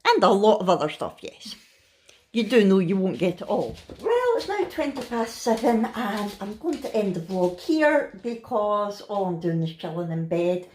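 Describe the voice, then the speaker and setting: A woman's voice: medium pitch, normal speed. Tired, chatty Scottish woman vlogging from bed. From Scotland. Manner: chatty, laughs often, tired and relaxed. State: worn out. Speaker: family vlogger. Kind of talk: casual chatty vlog. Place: in bed at home.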